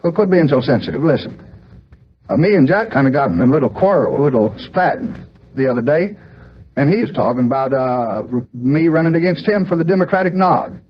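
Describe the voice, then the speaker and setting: A man's voice: on the high side, lively intonation, a little fast, highs cut off. A man playing a blustering older politician, talking in a folksy, rambling, agitated way.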